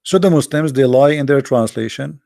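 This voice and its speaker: Gravelly, blunt man, dry sound. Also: mid-range voice, moderate pace, mellow, dry recording. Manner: blunt, scornful, repeats himself. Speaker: livestream host. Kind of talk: combative religious talk.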